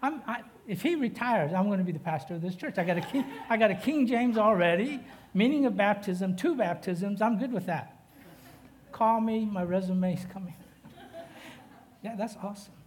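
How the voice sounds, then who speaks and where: A high-pitched man preaching to a congregation. He mixes playful asides and banter with the people in the pews, then climbs higher and louder as he drives home the scripture. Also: moderate pace, slight background noise. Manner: jokey, chatty asides to the congregation; rises in pitch and force when preaching the text. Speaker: guest preacher. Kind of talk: sermon.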